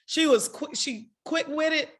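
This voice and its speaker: A woman's voice: sits high, unhurried. A woman in her forties from Jackson, Mississippi, co-hosting a casual podcast chat and telling stories, acting out what people said and laughing often. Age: 40s. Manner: animated storytelling, acts out quoted voices, laughs often. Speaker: podcast co-host.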